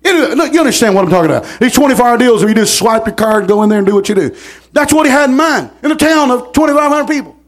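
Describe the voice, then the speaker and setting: A middle-aged man, preaching a sermon in a folksy storytelling manner, repeating words and rising to shouts. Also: very high-pitched, animated, fast talker.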